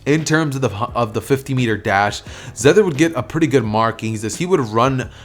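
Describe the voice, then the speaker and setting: A man's voice: medium pitch, expressive, normal speed, soft background music. A man narrating an improvised fan story in a loose, rambling way, full of fillers. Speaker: storyteller, channel host.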